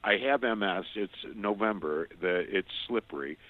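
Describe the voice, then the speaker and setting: Older male interview guest, ex-radio voice, earnest and halting storyteller, slightly low pitch, thin phone-line quality. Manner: earnest, halting, with repeated restarts.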